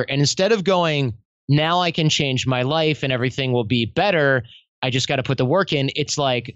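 Animated man telling stories in a muffled recording. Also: medium pitch, moderate pace, smooth, no echo. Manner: animated storytelling, acts out quotes in other voices. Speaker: podcast guest. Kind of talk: conversational interview.

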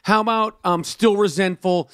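A man's voice: sits high, fairly even intonation, normal speed, a bit bright, clear, resonant tone, no room sound, studio quality. A man in casual chat, ranting heatedly with lots of swearing.

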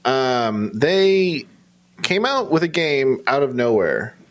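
A man's voice: medium pitch, big pitch swings, slow pace. Rambling man chatting about games. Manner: rambling, filler-heavy. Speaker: podcast co-host. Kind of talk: casual chat.

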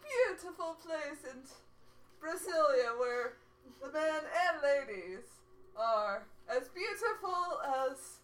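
A woman's voice: high voice, sing-song, fairly bright tone, heavily acted. A woman playing a smug flirtatious swordsman. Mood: boastful. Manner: boastful, slow theatrical delivery. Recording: echoey room, far from a single mic.

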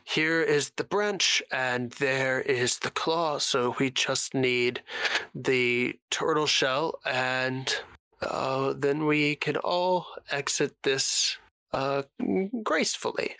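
A man voicing a nervous male companion in a tabletop game, speaking in a hesitant, halting way. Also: medium pitch, steady tone, bright, forceful tone, clean tone, no echo.

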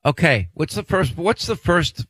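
A man hosting a talk radio show trades banter with his co-host. His pitch sits a little high, and he talks over her in animated bursts. The studio sound is dry, close and free of echo. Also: a little slow, husky.

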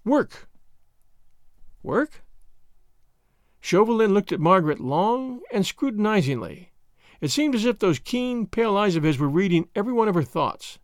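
A man narrating a classic novel as an audiobook, with an expressive storytelling cadence. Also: sits high, brisk, dry recording, clean studio sound. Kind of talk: scripted narration.

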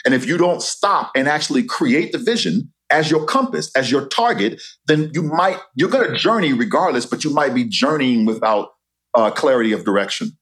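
A man's voice: medium pitch, lively intonation, normal speed, fairly bright tone. A man who is a spoken-word poet, speaking as an interview guest in a reflective way, laughing easily and repeating words as he restarts. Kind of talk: interview conversation.

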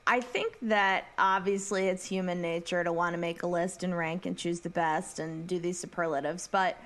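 A woman's voice: fairly low pitch, fairly even intonation, normal speed. A woman co-hosting a casual chat, explaining her view reflectively. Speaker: podcast co-host.

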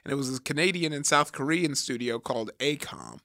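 A man's voice: medium pitch, fairly quick, vocal fry, pushed and bright, no echo, studio quality. A man in his thirties co-hosting a podcast, retelling facts in casual chat and laughing often. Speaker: podcast co-host.

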